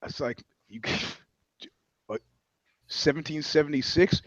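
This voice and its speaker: Guy rambling profane stories, voice a bit high, kinda muffled and dead dry. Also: slow pace, no room sound. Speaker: guest, touring musician. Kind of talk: casual podcast chat, storytelling.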